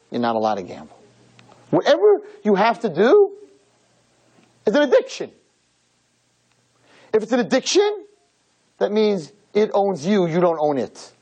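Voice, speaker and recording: A man's voice: darkish tone, poor audio. A man giving a lecture as a rabbi to a room of girls, emphatic and preachy, full of rhetorical questions and repetition. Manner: pitch swings widely, jumping high on key points. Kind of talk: sermon-style lecture to a live audience.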